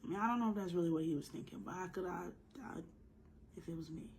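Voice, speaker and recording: A woman with a sore, slightly hoarse throat telling a story in a casual, slangy way, with joking asides and acted-out lines. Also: lowish voice, fast, a little mellow, a little hiss or hum, rough recording. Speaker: storytime narrator.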